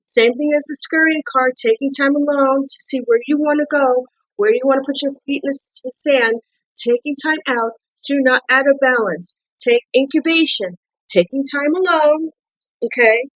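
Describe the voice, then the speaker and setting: On a rough recording, a high-pitched woman reads tarot cards casually at a moderate pace, speaking English with a non-native accent. Her style is repetitive, full of restarted words and coaxing questions.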